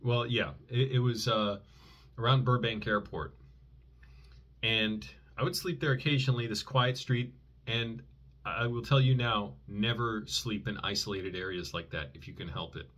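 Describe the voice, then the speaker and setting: A man's voice: fairly low pitch, moderate pace, fairly bright tone, muffled recording. A man vlogger telling a personal story in a rambling way, often correcting himself and using many fillers.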